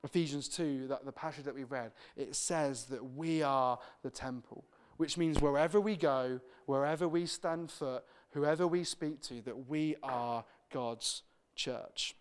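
A man's voice: medium pitch, a little slow, clean tone. A young British man preaching a sermon as pastor, telling chatty everyday stories and acting out the people he quotes. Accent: British English.

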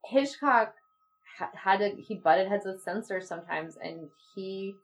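A woman's voice: medium pitch, measured pace. A woman co-hosting a podcast, casually recapping a classic TV episode and acting out quoted lines. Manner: animated, acts out quoted lines, laughs often. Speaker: podcast co-host.

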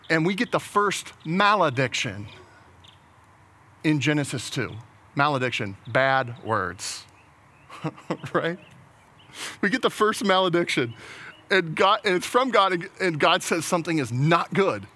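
A man's voice: on the high side, animated, moderate pace, pushed and bright. A man preaching a sermon in a casual, conversational way, often restarting his words and laughing at his own jokes. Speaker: pastor.

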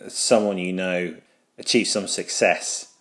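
Low-voiced dry-joking podcast host. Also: male voice, steady tone, takes it slowly. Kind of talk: casual podcast chat.

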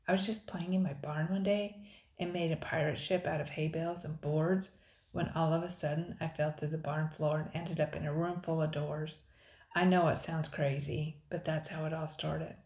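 A woman's voice: sits low, fairly even intonation, moderate pace, darkish tone. A woman reading a storybook aloud, voicing a friendly young boy who explains matter-of-factly. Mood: explaining. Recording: roomy echo.

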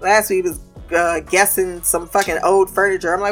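A woman's voice: on the low side, moderate pace, faint music behind. A woman venting in a casual monologue about her remote team, profane and laughing as she tells it. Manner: profane, laughing, animated storytelling.

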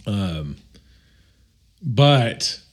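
Brief: man, lowish voice, co-host in easy banter, halting delivery with restarts. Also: sing-song, slightly rough. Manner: halting, restarts sentences often. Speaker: podcast co-host. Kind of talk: casual chat.

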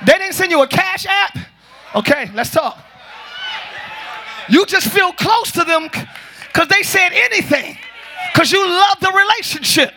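A man with a high, bright voice preaches to a church crowd, often breaking into shouts and jokes. His congregation murmurs faintly behind him, with light background noise in the hall. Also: normal speed. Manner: shouting, joking, calls to the congregation. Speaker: pastor. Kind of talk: lively preaching.

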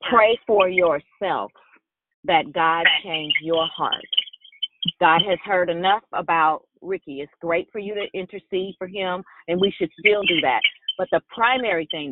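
A woman on a prayer call giving firm, deliberate, encouraging advice. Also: on the low side. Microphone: phone. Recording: tinny phone line with loud noise.

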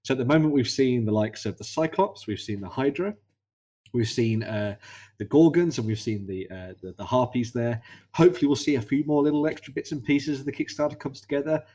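Fast-talking male co-host. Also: mid-range voice. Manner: relaxed, rambling, filler-heavy. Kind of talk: casual chat.

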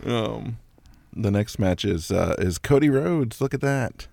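A man co-hosting a podcast, chatting about a wrestling show in a relaxed, giggly way. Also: fairly low pitch, unhurried, creaky, no echo, clean studio sound. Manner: laid-back, giggly. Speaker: podcast co-host. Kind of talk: casual chat about wrestling.

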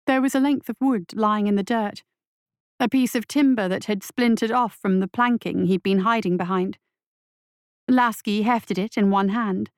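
A woman reads a dark short story aloud at a measured, steady pace. Her voice sits in a middle range and is recorded close and dry, with no room sound around it. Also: medium pitch, dry recording. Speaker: audiobook reader. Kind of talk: scripted story narration.

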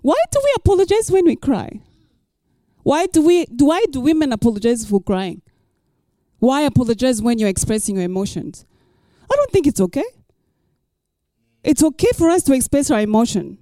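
Bright-voiced woman pastor preaching. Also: high-pitched, expressive, normal speed, pauses often, no echo, studio quality. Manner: emphatic, repeats key lines. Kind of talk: sermon.

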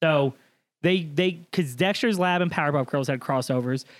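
High-voiced man arguing in casual chat. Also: no echo. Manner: argumentative, quick comebacks. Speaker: podcast co-host.

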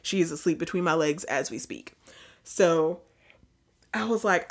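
A young woman hosting a casual chat, telling animated stories full of fillers. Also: lowish voice, unhurried, long pauses. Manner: chatty, animated storytelling with many fillers. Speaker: podcast host.

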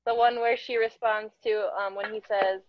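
A woman's voice: a little high, fairly even intonation, moderate pace, no room sound. A giggly young woman co-host, peppering her talk with "like" and curious questions. Her voice comes through a dull, muffled mic in a dead, dry space. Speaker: podcast co-host. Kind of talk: casual chat.

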